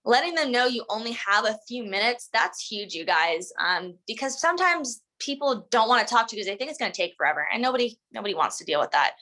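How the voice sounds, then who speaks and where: A woman's voice: fairly high pitch, lively intonation, fast talker, few pauses, bright, forceful tone, poor audio. A woman coaching a sales team in a casual, chatty way, full of "like" and "um", acting out the lines they should say. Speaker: sales trainer. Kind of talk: casual instructional talk.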